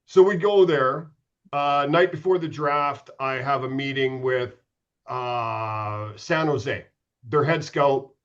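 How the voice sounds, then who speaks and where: A man's voice: mid-range voice, slow, muffled recording. A middle-aged man, a former pro goalie, telling candid, profane stories as a podcast guest. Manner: profane, candid, self-mocking. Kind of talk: casual storytelling.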